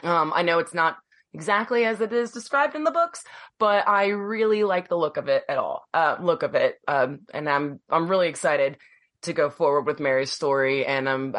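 A woman's voice: low-pitched, fairly bright tone. A woman co-hosting a podcast, gushing emotionally about a show with many ums and likes. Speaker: podcast co-host. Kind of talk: casual podcast review.

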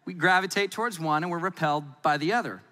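A man preaching a sermon in a lively, playful, conversational way. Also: a little high, fast talker, in a large hall. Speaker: pastor.

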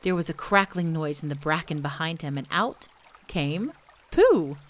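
Brief: woman storyteller for kids, low and unhurried, gentle and eager. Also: animated. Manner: gentle, slow, enthusiastic. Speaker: storybook reader and podcast host. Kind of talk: children's story reading.

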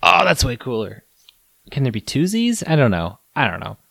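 Man, mid pitch, co-host at a wine tasting, rambly and self-mocking, dry close mic. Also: huge pitch swings, moderate pace, creaky, bright, forceful tone, no echo. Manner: rambling, self-deprecating, laughs often. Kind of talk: casual chat.

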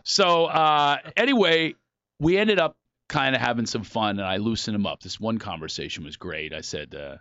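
A man from Philadelphia, a comedian guest, telling comic stories in a casual chat with animated, self-mocking energy. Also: medium pitch, moderate pace, no echo, muffled recording.

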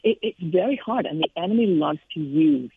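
Speaking fairly quickly in a deep, husky, expressive voice with no room sound, a middle-aged Scottish woman joins an interview by tinny phone line. As a Christian author and speaker, she earnestly and reflectively recounts personal stories about faith.

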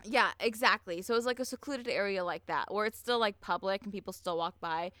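Woman podcast co-host narrating true crime, crisp bright tone, dry close sound, blunt and swearing. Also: medium pitch, a little fast, no echo. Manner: blunt and profane, with many fillers.

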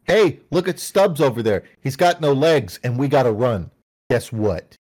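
A man's voice: medium pitch, lively intonation, moderate pace, a little mellow. A man in casual, profane gaming chat who rants, laughs often and acts out quotes in silly voices.

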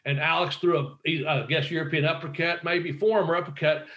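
A man's voice: a little high, fairly even intonation, fairly quick, a bit bright. Profane storytelling man in echoey room. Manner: profane, rambling anecdotes with acted-out quotes. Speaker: guest, former pro wrestler. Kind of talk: casual storytelling interview.

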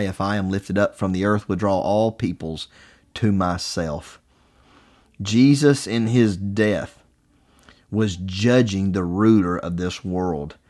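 A man preaching a sermon, reading scripture with deliberate, emphatic pauses. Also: fairly low pitch, a little mellow.

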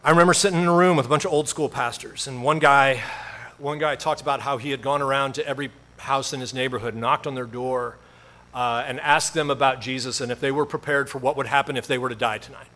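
A man's voice: mid-range voice, fairly even intonation, fast talker, sharp tone. A male pastor preaching a sermon in a conversational storytelling way, with self-deprecating humor.

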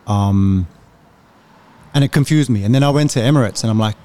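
Male guest, thirties, low voice, candid storyteller who swears freely. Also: brisk, pauses often, mellow. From Australia. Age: 30s. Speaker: podcast guest, music manager. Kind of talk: casual conversation.

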